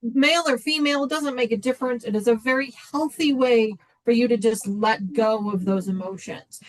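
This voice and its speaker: A woman's voice: a little high, normal speed, hardly any pauses, low-quality recording. A woman in a casual livestream chat, speaking earnestly and encouragingly, often restarting her sentences. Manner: earnest, encouraging, repeats words when starting.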